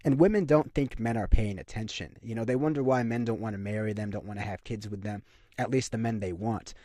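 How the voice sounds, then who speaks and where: A man's voice: fairly low pitch, a little fast, warm tone, dry recording. Ranting man with a dry, close sound. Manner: emphatic, repetitive ranting with frequent fillers. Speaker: commentary channel host. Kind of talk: opinionated monologue to camera.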